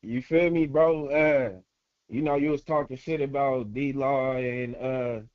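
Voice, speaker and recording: A man's voice: mid-range voice, steady tone, unhurried, no room sound. A male caller chatting casually and laid-back in slang, laughing often. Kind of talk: casual call-in chat. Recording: dull lo-fi call audio.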